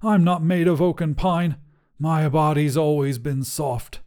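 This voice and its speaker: A man doing a shrill, panicky wizard. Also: fairly even intonation, unhurried, darkish tone. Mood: mournful. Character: whiny fussy male wizard turned into a table.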